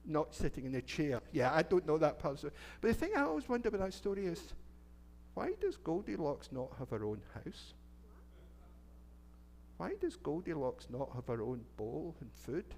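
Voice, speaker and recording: A man's voice: on the high side, very animated, normal speed, darkish tone, a little hiss or hum. A middle-aged Scottish man, a minister, telling a children's story in church in a chatty, playful way and asking the children questions. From Scotland. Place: church sanctuary.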